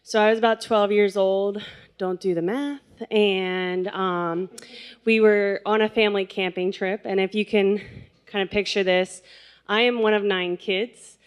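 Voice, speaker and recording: A woman's voice: mid-range voice, fairly even intonation, a little slow, clean tone. A woman in her twenties telling a personal story live on stage, chatty and laughing, with lots of fillers. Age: 20s.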